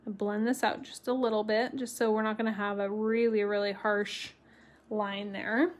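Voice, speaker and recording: A woman's voice: medium pitch, level tone, normal speed. A woman teaching a live-streamed craft tutorial, chatty and encouraging, chatting with viewers and laughing often. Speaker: watercolor stamping instructor.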